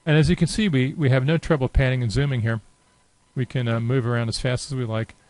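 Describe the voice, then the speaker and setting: Narrating a software demo unscripted, a man keeps things easy and conversational, pausing with fillers as he moves around the screen. His voice is middle-pitched and unhurried. There's no room sound, and the recording is low quality.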